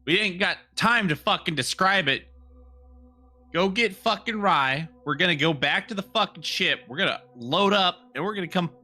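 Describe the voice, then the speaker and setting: A swearing, hot-tempered crew member, as a player puts him on, barks orders in a high, piercing voice. He is a tabletop game character who has no patience for questions. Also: expressive, normal speed, bright, forceful tone, exaggerated voice. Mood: angry.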